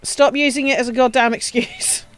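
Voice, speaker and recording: A woman's voice: sits high, wildly swooping pitch, normal speed. A woman streaming a building game, chatting casually, swearing, ranting and laughing often. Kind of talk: casual live-stream chat while playing.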